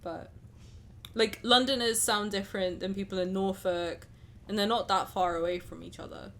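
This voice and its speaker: A woman's voice: mid-range voice, fairly even intonation, normal speed, a bit bright. A young woman from England with a southern English accent and a slight transatlantic lilt, chatting casually with her live stream chat in a rambling way. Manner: rambling, chatty, lots of "like" fillers.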